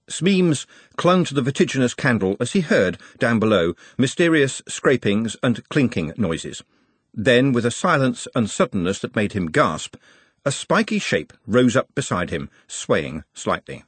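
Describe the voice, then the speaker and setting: A man narrating a comic novel with wry, expressive timing. His husky voice swings widely in pitch from line to line. The sound is dry and close, with no room around it. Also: no room sound. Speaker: audiobook narrator. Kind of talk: scripted narration.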